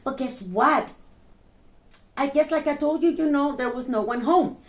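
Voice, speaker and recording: A woman telling a children's story in an expressive, chatty way, with exclamations and asides to the young listener. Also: sits high, a little fast. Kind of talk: animated children's story reading.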